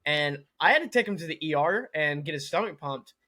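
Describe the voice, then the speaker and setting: A man's voice: a little high, lively intonation, brisk, bright, forceful tone. A young man co-hosting a podcast, telling a comedic story in casual chat, full of "like" fillers. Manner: rambling storytelling with many "like" fillers. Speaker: podcast co-host.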